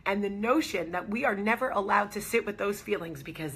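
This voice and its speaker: A woman's voice: mid-range voice, fairly quick, few pauses, fairly bright tone, husky. A woman hosting a casual talk to camera, speaking in an earnest, reassuring way and repeating key phrases for emphasis. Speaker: host.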